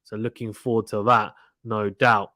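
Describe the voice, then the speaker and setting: A man's voice: on the low side, little pitch movement, moderate pace, sharp tone, dry recording, clean studio sound. A man hosting a casual live tennis watchalong, chatting with viewers and often repeating himself. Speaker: live stream commentator. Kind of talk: casual play-by-play watchalong chat.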